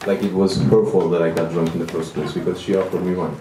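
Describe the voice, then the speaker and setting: A man's voice: low-pitched, fairly even intonation, brisk, few pauses, warm tone, recorded from a distance, a little hiss or hum. A man in his thirties doing a stand-up comedy set, self-deprecating and rambling with restarts, in a small venue. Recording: echoey room, mic from afar.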